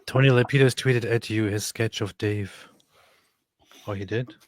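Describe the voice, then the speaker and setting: A man's voice: on the low side, fairly even intonation, measured pace, dry recording. A man hosting a casual live stream, reading out viewer comments with dry quips. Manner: reads chat comments aloud, dry quips. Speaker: host.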